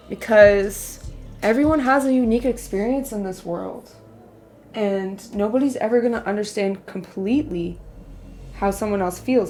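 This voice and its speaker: A young woman talks openly on a live stream, confiding and heartfelt, her voice sitting at an ordinary middle pitch. Soft music plays faintly behind her. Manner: candid, emotional, confiding. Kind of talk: casual livestream chat.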